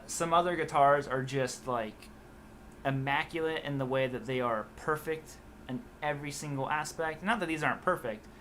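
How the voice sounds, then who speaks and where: A man's voice: mid-range voice, slight background noise. A young man hosting a live guitar stream, rambling casually and reading viewer comments aloud. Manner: rambling, relaxed, reads chat comments aloud. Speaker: guitar channel host.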